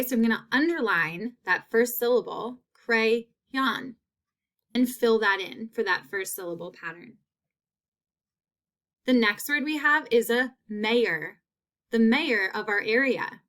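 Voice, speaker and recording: A woman teacher giving a phonics lesson, stretching out sounds and repeating each word slowly. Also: a little high, animated, fairly bright tone.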